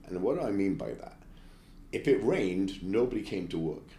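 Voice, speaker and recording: A man, a guest chef, telling brisk anecdotes with blunt asides in an interview. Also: low-pitched, lively intonation, mellow, reverberant. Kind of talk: storytelling interview.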